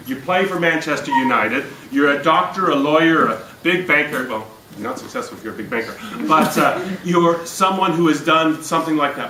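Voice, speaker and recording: Man, motivational speaker, lively and jokey, fairly high voice, echoey room recorded from afar, background noise. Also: recorded from a distance. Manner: energetic, jokey, addresses the crowd with questions. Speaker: speaker at a business event. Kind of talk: motivational talk to a live audience. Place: event room before an audience.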